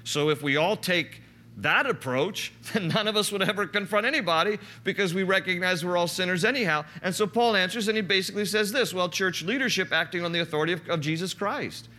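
A man's voice: high voice, fairly quick, bright, forceful tone. A man preaching a conversational sermon as a pastor, teaching through a passage and rising in emphasis when he quotes.

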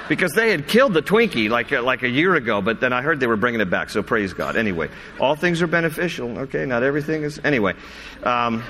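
A male pastor giving a sermon. He reads scripture with emphatic, rising delivery that slows on key words, then drops into casual asides. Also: a little high, sharp tone. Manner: breaks into casual asides with fillers and restarts. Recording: echoey hall.

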